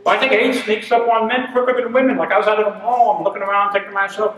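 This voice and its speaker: A man in his sixties telling humorous stories in an animated way, acting out the voices he quotes. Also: high voice, very fast. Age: 60s. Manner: animated, acts out quoted voices, laughs through punchlines. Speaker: humor speaker. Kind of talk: humorous storytelling talk. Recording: echoey room, voice from a distance, noisy.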